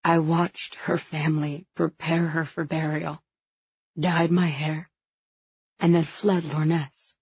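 A hoarse, heartbroken young woman, voiced by an audiobook narrator, chokes through her confession in a low, breathy, slow voice. The words come halting and raw. The recording sounds a little dull. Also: flat delivery, a little mellow, no echo, exaggerated voice. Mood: grieving. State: hoarse, tearful. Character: grieving young woman confessing a friend's death.

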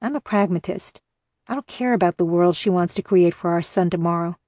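A woman reading the lines of a grim, pragmatic male captor who talks in a steady, matter-of-fact way. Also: lowish voice, fairly quick, no echo, studio quality, close to an everyday voice.

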